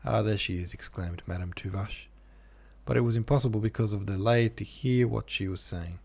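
A man narrating a classic novel aloud in a measured, even manner. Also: fairly low pitch, vocal fry, slightly rough. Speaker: audiobook narrator.

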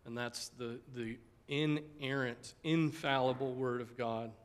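Speaking at a measured pace in a smooth, steady, mid-range voice, this pastor delivers an earnest sermon-style Sunday school lesson. He keeps asking listeners "right?" and "okay?" and finishes by praying aloud.

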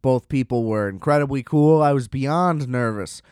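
A man's voice: mid-range voice, normal speed, darkish tone, clear, resonant tone, no room sound, clean studio sound. A man casually telling a rambling, self-deprecating story, often laughing at himself.

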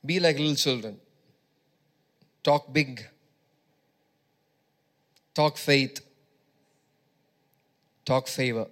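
A man's voice: medium pitch, drawn-out words, pauses often, a bit bright. A male preacher giving a sermon, emphatic, repeating phrases and urging his congregation on.

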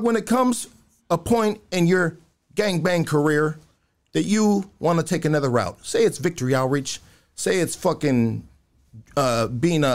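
A man talks with a high voice that swings up and down a lot. He speaks laid-back street slang in casual conversation and keeps calling his listener "dog.".

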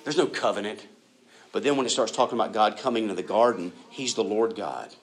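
A male preacher delivering a sermon in an easy, conversational tone, speaking right to his congregation. He often breaks into acted-out quotes, leaping high in pitch for them. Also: brisk, a little hiss or hum. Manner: animated, acts out quoted voices with big pitch jumps; conversational, addresses listeners as guys and y'all.

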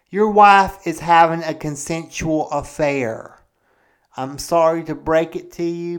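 A man playing a blunt police detective who calmly and matter-of-factly explains his reasoning. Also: a little high. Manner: matter-of-fact, patiently explaining. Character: blunt, level-headed male police detective.

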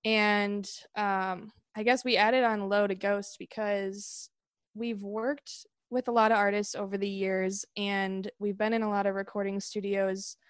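A woman musician appearing as a podcast guest, talking in a relaxed way with hesitant fillers and easy laughs. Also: medium pitch, measured pace, clean tone, dry recording, studio quality. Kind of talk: casual podcast interview.

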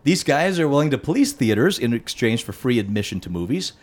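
A man's voice: medium pitch, big pitch swings, a little fast. A man reading a news story aloud to his co-hosts in casual banter.

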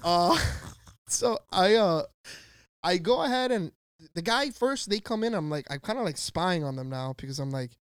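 Heard in clean studio sound with no room ambience, this co-host has a high voice and a clean tone at a moderate pace. Telling a story on the podcast, he's animated and profane, piling on slang and voicing the people he quotes.

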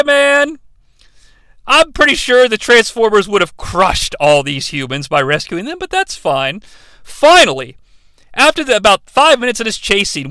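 A man's voice: very high-pitched, pushed and bright, smooth, dry recording. A man reviewing a movie in a sarcastic, profane, rambling comedic rant.

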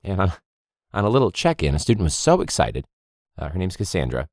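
Male podcast host, teacher-coach type, deep and animated, swears freely and laughs through his stories. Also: a little fast, gravelly, no echo, clean studio sound. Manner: ranting, heavy swearing, frequent laughs. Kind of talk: casual podcast monologue.

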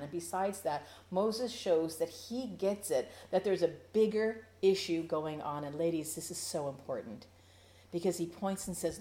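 A woman teaching a verse-by-verse Bible study for women, playful and animated, acting out the quotes, then earnest and urgent when she exhorts. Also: fairly low pitch, unhurried. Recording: roomy echo.

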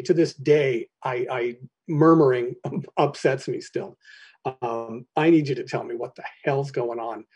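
A middle-aged man telling his personal recovery story to a meeting, halting and candid, often clearing his throat between phrases. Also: on the high side, dark tone.

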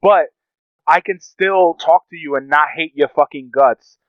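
A man with a slightly high, smooth, resonant voice rambles through a casual podcast chat, swearing freely. The sound is dry and a bit dull, like a lo-fi home setup. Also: a little slow, no echo. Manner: profane, rambling, animated storyteller. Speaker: podcast co-host.

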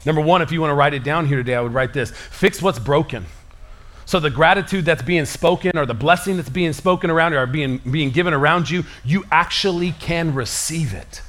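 Lively casual-talking preacher man. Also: on the high side, a little fast. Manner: animated, casual slang, conversational preaching. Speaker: pastor. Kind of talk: sermon.

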